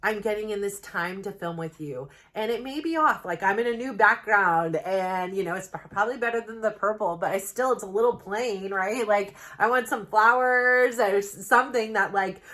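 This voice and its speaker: A woman's voice: mid-range voice, moderate pace, few pauses, a bit bright. A woman records a self-help vlog at home, speaking straight to camera in a rambling, earnest way. Her talk is heartfelt and loose, with plenty of filler words as she works through her thoughts. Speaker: self-help vlogger, mother. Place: home, new plain backdrop.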